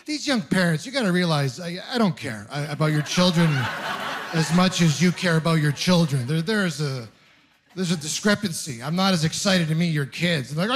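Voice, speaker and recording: Young male stand-up, high voice, incredulous ranting delivery into a stage mic. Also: expressive. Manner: exasperated, incredulous delivery with quick asides. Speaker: stand-up comedian. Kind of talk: stand-up comedy set.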